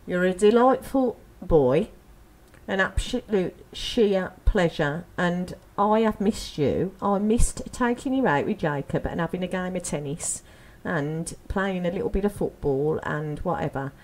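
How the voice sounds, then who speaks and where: A woman's voice: fairly low pitch, lively intonation, a little slow, a little mellow. A woman presenting a local radio show in a chatty, teasing way, with frequent ums. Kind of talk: casual radio chat.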